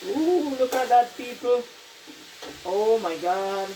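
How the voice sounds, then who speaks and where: A woman with a Jamaican accent hosts a casual cooking video from her home kitchen, chatting to viewers she calls "people" and repeatedly saying "look at that" about the food. Her voice is fairly high and slightly mellow, with lively intonation and a slow pace. The recording is rough, with slight background noise.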